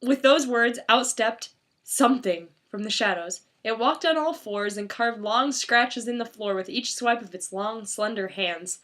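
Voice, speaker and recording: A woman's voice: a little high, a little slow, fairly bright tone. Sarcastic young-sounding woman reading aloud. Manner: sarcastic, reads aloud with wry asides. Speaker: fanfiction reader. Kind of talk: mocking dramatic reading.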